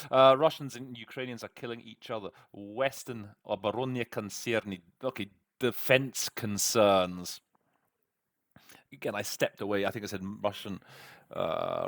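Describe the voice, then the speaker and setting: A middle-aged man, a conference interpreter, interpreting a speech and then talking through his word choices, often pausing and restarting. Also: fairly low pitch, a bit bright, dry recording, clean studio sound. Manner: thinks aloud, hesitant, many restarts. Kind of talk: interpreting practice with commentary.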